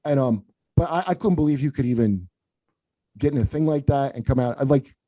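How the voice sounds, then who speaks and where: A man's voice: medium pitch, a little fast, warm tone, no room sound. A man hosting a comedy podcast, telling rambling, profane stories in casual chat. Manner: profane, rambling anecdotes with acted-out quotes.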